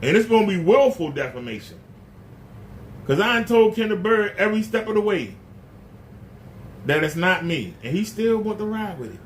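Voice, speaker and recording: A man's voice: high voice, big pitch swings, moderate pace, long pauses, slight background noise. A man hosting his own channel, ranting indignantly to the camera with repeated rhetorical questions. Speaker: YouTube channel host. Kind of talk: casual rant to camera.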